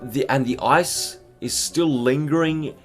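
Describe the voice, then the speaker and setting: A man's voice: mid-range voice, slow pace. A twenty-one-year-old man giving an exaggerated, profane, mock-dramatic comic review, with faint music behind him. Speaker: vlogger reviewing candy.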